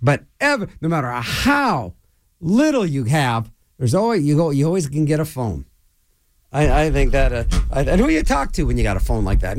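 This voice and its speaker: Animated rambling male radio host. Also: on the high side, normal speed. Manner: rambling, digressive, animated storyteller. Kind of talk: rambling casual radio talk.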